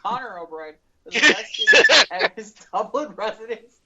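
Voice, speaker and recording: A woman's voice: mid-range voice, lively intonation, moderate pace, dull audio, over a noisy crowd. A woman hosting a comedy news podcast, reading a story and breaking into giggles.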